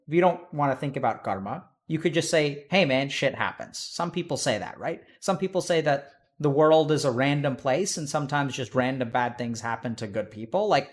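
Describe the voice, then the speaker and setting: Blunt, swearing man giving advice. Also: on the high side. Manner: blunt, swears freely, tells stories with acted-out voices. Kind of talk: casual advice conversation.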